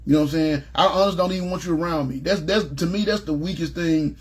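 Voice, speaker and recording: A middle-aged man preaching in a casual, emphatic way, his voice sitting high for a man and carrying a husky edge. He talks in plain everyday words and keeps checking that his listeners follow him as he presses each point. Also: fast talker. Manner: emphatic, plain-spoken, repeats "you know what I'm saying". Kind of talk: informal Bible teaching.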